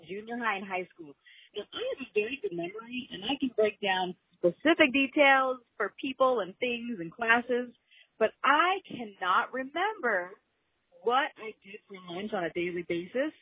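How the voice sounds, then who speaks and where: A woman's voice: on the high side, breathy edge, no echo. A woman in her thirties leaving a chatty, enthusiastic voicemail for a podcast, rambling happily as she talks. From Southern California. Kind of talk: casual voicemail message. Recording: tinny phone line.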